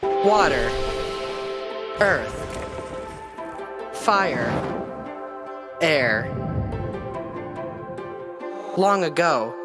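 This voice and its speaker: Slow, grand male narrator over loud music. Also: fairly high pitch, expressive. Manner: grand, dramatic. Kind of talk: scripted narration.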